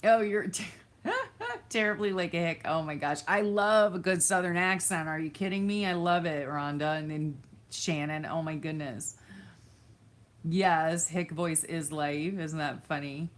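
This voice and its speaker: Her low-pitched voice has fairly even intonation and a measured pace. She is a woman from Florida, USA, hosting a live stream, reading viewers' comments in casual chat and laughing often.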